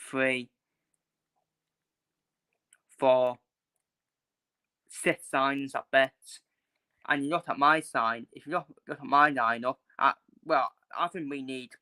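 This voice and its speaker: Frustrated young man ranting, bright voice. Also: mid-range voice, clear, resonant tone. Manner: frustrated, repetitive, blunt with swearing. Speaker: football fan vlogger. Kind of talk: casual opinion rant.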